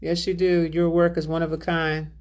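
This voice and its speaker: Woman, livestream host, spiritual healer; relaxed drawl, affectionate, reads chat aloud. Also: low-pitched, moderate pace. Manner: drawling, affectionate, calls viewers baby and beloved. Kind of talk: livestream chat, reading out viewer donations.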